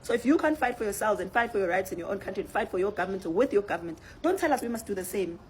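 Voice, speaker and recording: A woman with a South African accent, speaking to her audience in a forceful, confrontational monologue and hammering her points through repetition. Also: medium pitch, animated, racing, a little hiss or hum. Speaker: activist. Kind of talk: direct-to-camera monologue.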